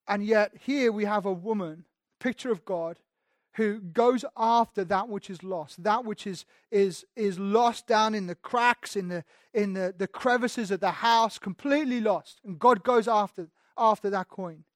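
A man's voice: sits high, measured pace, no echo, clean studio sound. A man preaching a sermon in a conversational way, building to emphatic rises. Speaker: pastor.

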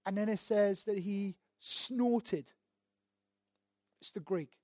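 A man preaching a sermon as a pastor, emphatic and repetitive, swelling louder as he drives his points home. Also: high-pitched, slow pace, no echo, studio quality.

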